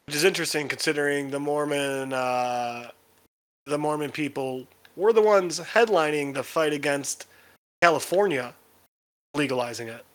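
A man co-hosting a podcast, telling stories with sarcastic, animated delivery. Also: a little high, normal speed. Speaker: podcast co-host. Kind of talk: casual chat.

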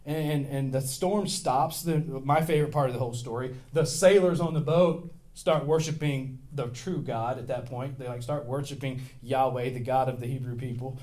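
A man's voice: medium pitch, steady tone, normal speed, a little mellow. A middle-aged male pastor preaching a sermon in a casual, storytelling way, with self-deprecating humor and big swings in volume.

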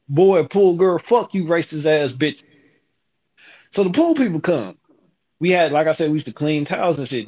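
A man's voice: fairly high pitch, lo-fi sound. A man telling a story in a casual way, brash and full of profanity.

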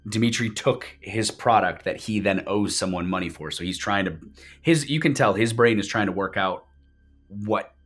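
A man with a very low voice running a tabletop role-playing game as game master. He narrates scenes and explains the rules in a casual, explanatory way. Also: normal speed, fairly bright tone, husky, faint music behind. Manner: explanatory, with fillers and restarts.

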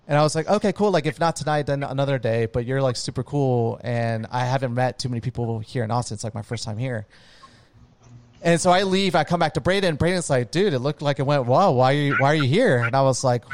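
A man's voice: on the high side, clear, resonant tone, dry recording. A man telling a long story in casual chat, rambling with lots of "like" and "dude" and casual swearing.

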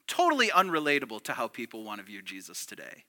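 A male pastor giving a conversational, animated sermon that swings from loud, punchy lines to hushed ones. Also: mid-range voice, fast.

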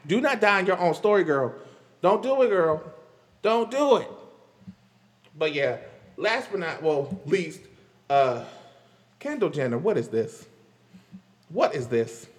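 High-voiced man rambling pop-culture commentary. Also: sing-song, measured pace, pauses often, in a large hall. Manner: rambling, laughing often, stammering restarts. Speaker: vlogger.

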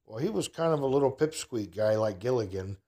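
A man's voice: mid-range voice, lively intonation, a little fast, mellow. A man telling a casual personal anecdote in a folksy, rambling way, chuckling at his own story.

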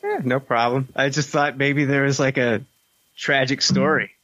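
A man's voice: medium pitch, steady tone, normal speed, pushed and bright, dry recording, lo-fi sound. Guy hosting a podcast, casual and jokey, swears a lot, dry close mic sound. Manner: loose, swearing, joking. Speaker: podcast host. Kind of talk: casual group podcast chat.

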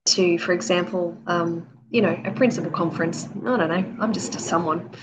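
A woman's voice: fairly low pitch, steady tone, moderate pace, background noise. A woman in her forties, an author telling stories as a guest in casual interview chat, peppering her talk with "you know" and acting out quotes. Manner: chatty storyteller, many "you know"s, acts out quotes. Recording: slightly dull lo-fi audio.

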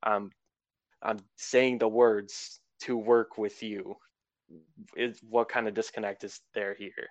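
A young man talking casually in an exit interview about a game he was eliminated from, rambling with lots of fillers in a fairly monotone voice. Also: fairly low pitch, takes it slowly, dry recording, lo-fi sound. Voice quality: self-described monotone. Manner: rambling, filler-heavy, laid-back. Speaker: eliminated player being interviewed.

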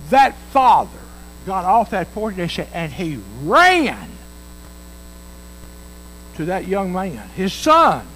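A man's voice: very high voice, a bit bright, a little hiss or hum, low-quality recording. A male pastor preaching a sermon in a folksy way, acting out the voices of the parable as he tells it.

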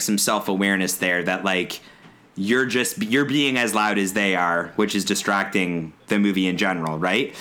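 Bright-voiced man ranting animatedly. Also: lowish voice. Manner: animated ranting storyteller, swears a lot. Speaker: podcast co-host. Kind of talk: casual chat.

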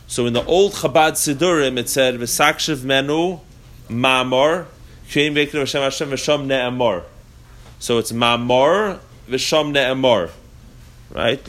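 A man's voice: mid-range voice, fairly bright tone. A man teaching a religious text class to a live group. He thinks aloud, with frequent restarts and fillers, and chants the Hebrew prayer lines in a rhythmic lilt. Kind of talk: live explanatory lesson to a group.

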